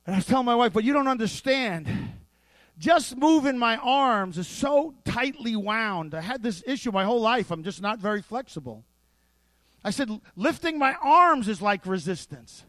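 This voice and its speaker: A man preaching a sermon, animated and playful, with asides worked into his points. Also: extremely high pitch, moderate pace, no room sound. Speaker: pastor.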